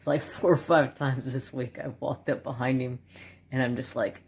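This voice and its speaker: A man in his forties rambles through a laid-back craft video at his home desk, joking and muttering asides to himself. His voice has a gravelly, fried edge. A faint hiss of noise sits under the recording. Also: medium pitch, fairly even intonation, unhurried. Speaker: craft channel host. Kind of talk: casual chat while swatching markers.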